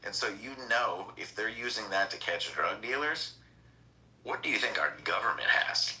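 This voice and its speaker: A man's voice: lowish voice, expressive, normal speed, sharp tone, poor audio. A man on a casual podcast, telling a long rambling story with crude slang.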